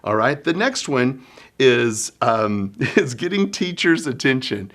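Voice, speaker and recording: A middle-aged man, a children's minister giving a conference workshop talk, folksy and animated as he acts out scenes. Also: mid-range voice, measured pace. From Oklahoma, US. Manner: folksy sayings.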